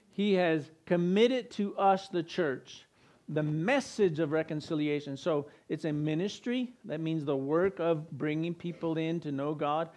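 A man's voice: fairly high pitch, darkish tone. A man preaching a sermon as pastor, speaking conversationally and putting questions to his congregation.

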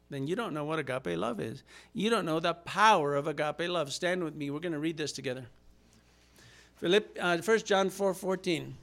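A man preaches a sermon with a notably high-pitched voice, swinging between quiet, low asides and loud, fervent declarations. He acts out quoted voices and rises to shouts at his peaks. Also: moderate pace, gravelly. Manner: impassioned preaching with acted-out quotes and rising shouts. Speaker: pastor.

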